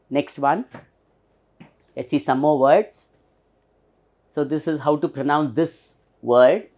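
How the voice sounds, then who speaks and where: Slow, patient Indian English teacher. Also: male voice, on the high side, expressive, a little mellow. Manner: patient, spells words letter by letter and repeats them for emphasis. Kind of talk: recorded pronunciation lesson.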